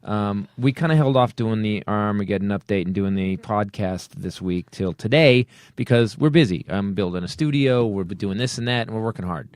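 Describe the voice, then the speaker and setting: A man's voice: fairly low pitch, normal speed, few pauses, darkish tone, no room sound, clean studio sound. A man hosting a comedy podcast, ranting in a profane, fired-up way between casual banter. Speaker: podcast host. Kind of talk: comedic political rant and casual chat.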